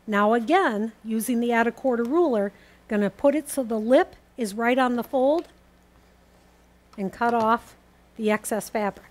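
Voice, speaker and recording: Woman, high pitched, methodical host walking viewers through a sewing demo. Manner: calm, methodical, explains each step as she works. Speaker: quilting teacher. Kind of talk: step-by-step sewing demonstration.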